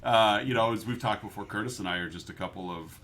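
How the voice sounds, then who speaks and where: A man's voice: lowish voice, fast, fairly bright tone. A young adult man co-hosting a movie podcast, joking and rambling with many restarts. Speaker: podcast co-host. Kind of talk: casual chat.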